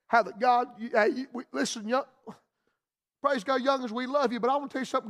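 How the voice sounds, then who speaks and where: A man's voice: very high voice, fairly bright tone. A man with a Southern US accent preaching a radio sermon in a folksy, down-home manner.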